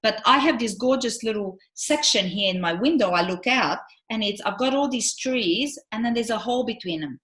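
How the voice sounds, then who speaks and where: Bright, animated woman telling stories. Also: on the high side, normal speed, few pauses. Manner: animated storyteller, acts out quotes. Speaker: relationship coach, co-host. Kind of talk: casual chat.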